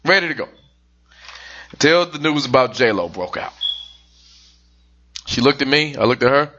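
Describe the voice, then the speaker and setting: A man's voice: medium pitch, animated, normal speed, a bit bright, lo-fi sound, slight background noise. A man co-hosting a podcast, telling a jokey story in casual chat, swearing now and then. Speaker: podcast co-host.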